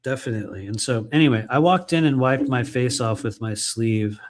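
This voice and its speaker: A man's voice: medium pitch, moderate pace. A man reading aloud from his own book and breaking off into loose, conversational asides, swearing freely. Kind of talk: live book reading with casual commentary.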